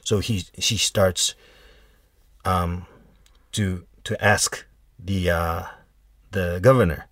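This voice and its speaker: Slow, deep-voiced man telling a folk tale. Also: steady tone, fairly bright tone, no echo, clean studio sound. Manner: unhurried, halting retelling with fillers and restarts. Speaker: storyteller. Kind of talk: casual folk tale storytelling.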